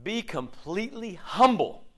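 Animated, high-voiced male pastor preaching. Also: a little slow. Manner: animated, casual and joking, slangy. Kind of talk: sermon.

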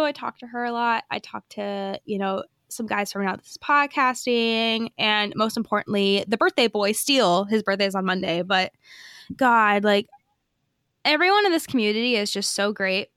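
Bright, crisp-voiced chatty young woman. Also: medium pitch, moderate pace, dry recording. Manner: chatty, bubbly storytelling full of fillers. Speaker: podcast co-host. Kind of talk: casual chat.

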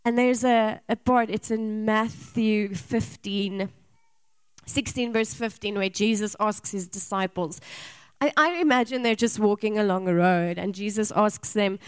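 A woman's voice: medium pitch, a little slow, clear, resonant tone, dry recording. Woman preacher asking rhetorical questions. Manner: rhetorical questions, personal storytelling with laughs. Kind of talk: sermon.

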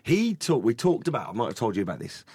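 A man with a husky, slightly breathy voice, chatting loosely on a podcast. He rambles into anecdotes and giggles at his own ideas. The sound is close and dry. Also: mid-range voice, huge pitch swings, quick pace, mellow, no echo. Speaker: podcast co-host. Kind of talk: casual comedic chat.

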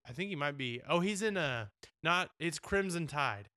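A man's voice: a little high, animated, normal speed, sharp tone, no echo, clean studio sound. A man co-hosting a podcast in casual chat, musing aloud and checking facts as he talks. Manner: musing, looks things up mid-talk, many fillers. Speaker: podcast co-host.

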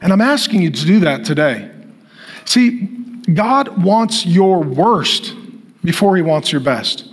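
A man preaching a sermon as pastor, using repetitive rhetorical lines that build to emphatic declarations, and dropping soft and slow on solemn phrases. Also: high voice, very animated, slightly rough.

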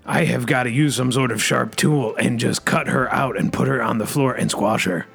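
A man's voice: mid-range voice, moderate pace, vocal fry, fairly bright tone, husky, soft background music. A man hosting a comedy podcast, bellowing catchphrases and stuffing "freaking" into every phrase. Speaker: podcast host. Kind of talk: comic rant in character.

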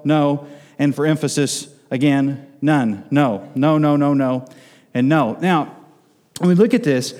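A man preaching in a church, his voice sitting a little high for a man. He drives his points home by repeating words and slowing down on the key phrases. A long reverb from the big hall trails after every line. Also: a little mellow. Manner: emphatic, repeats words for emphasis. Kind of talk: expository sermon.

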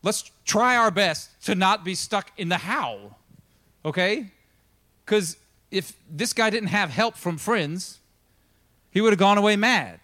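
Lively, chatty preacher man. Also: high voice, slow. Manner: casual, chatty storytelling that acts out the characters' lines. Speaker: pastor. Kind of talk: sermon. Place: church.

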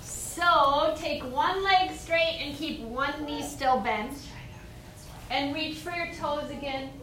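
This kids' yoga teacher, a young woman, turns her children's class into a story, coaxing and sing-song. Her voice sits high and slow with a sharp tone. The recording is made from afar in an echoey room, with a little hiss or hum.

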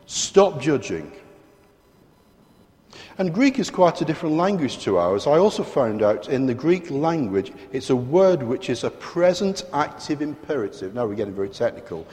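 A British man preaching a sermon in a large church hall, his voice trailing off into a long reverb. He speaks at a middle pitch and leans on his key words, turning to the congregation with questions. The tone is emphatic and direct. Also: sing-song, fairly quick, hardly any pauses, a little mellow.

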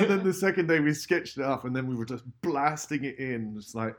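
A man's voice: mid-range voice, animated, fairly quick. A middle-aged man, telling stories about his graffiti career with a lot of swearing and fillers. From London, England. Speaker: graffiti artist guest. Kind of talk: casual storytelling.

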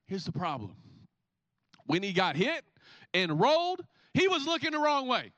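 A man in his thirties preaching a sermon as a pastor, telling stories in an animated way and acting out the scenes. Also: very high voice, normal speed, long pauses, dry recording. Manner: animated storytelling, acts out scenes. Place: church.

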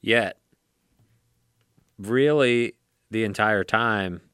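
A man's voice: on the low side, extremely slow, a bit bright, clean tone, no echo, studio quality. A man co-hosting a casual sports talk show, offering wry and opinionated takes.

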